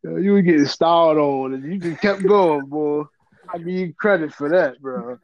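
A man reacting to a friend's story in a relaxed, amused way. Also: on the high side, moderate pace, highs cut off, slight background noise. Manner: laid-back, reacting with laughs. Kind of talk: casual chat.

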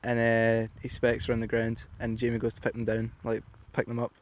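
A man's voice: medium pitch, brisk. A young man spins a story as a podcast guest. He swears freely and keeps checking in with "right?". His voice sits in an everyday mid range. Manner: animated, sweary, tags lines with "right?". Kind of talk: casual storytelling chat.

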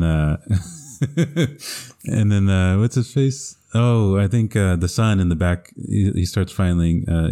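Low, mellow-voiced man retelling movie scenes. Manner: retells scenes with frequent laughter and fillers. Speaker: podcast co-host. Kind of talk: casual chat.

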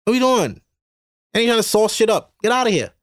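A man's voice: high-pitched, big pitch swings, a little fast, no echo, studio quality. A man from Brooklyn with a New York accent, hosting a podcast in a rambling, profane, exasperated monologue. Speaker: podcast host. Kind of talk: casual ranting monologue.

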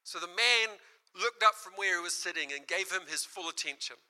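A man preaching a sermon, telling a story with lively acted-out quotes and frequent laughter. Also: sits high, fairly quick, clean tone, rough recording. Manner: animated storyteller, acts out quoted voices and laughs often.

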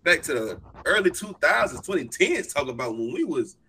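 A man's voice: a little high, very animated, normal speed, pushed and bright. A young man hosting a casual sports podcast, hyped and joking, drawling his sing-song intro. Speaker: podcast host.

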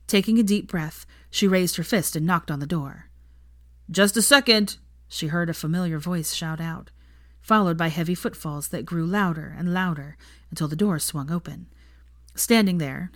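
Low-voiced woman narrating a story. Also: no echo, studio quality. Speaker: fan fiction reader. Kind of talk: audiobook narration.

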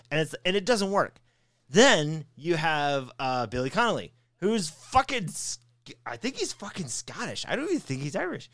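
A man's voice: fairly high pitch, dry recording, clean studio sound. A man co-hosting a podcast, ranting with lots of swearing in casual chat. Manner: profane, ranting, animated. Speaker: podcast co-host.

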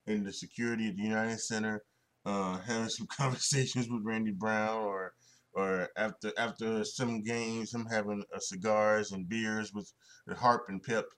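A man's voice: lowish voice, fairly bright tone. A young man hosting a solo sports podcast, talking in a rambling way with many restarts and fillers and frequent chuckles. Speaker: podcast host.

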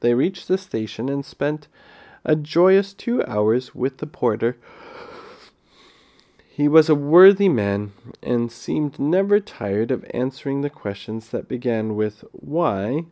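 A man reading a children's novel aloud in an unhurried way, with small stumbles along the way. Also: mid-range voice, big pitch swings, dark tone. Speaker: audiobook reader.

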